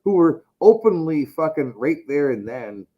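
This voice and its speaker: A man's voice: fairly high pitch, sing-song, unhurried, lo-fi sound. A man hosting a casual podcast chat, rambling and swearing heavily. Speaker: podcast host.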